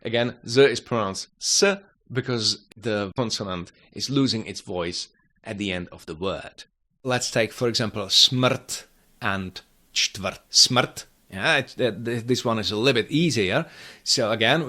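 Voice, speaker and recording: Man slowly teaching pronunciation, drilling sounds. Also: lowish voice, sharp tone. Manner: demonstrates sounds by slow repetition, dry humor. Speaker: Czech language teacher. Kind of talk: pronunciation lesson.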